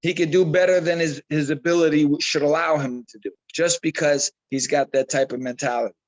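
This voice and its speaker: High-voiced animated man telling stories. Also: a little fast, highs cut off. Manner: animated storyteller, repeats himself, acts out quotes. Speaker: boxing trainer. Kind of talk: casual interview talk.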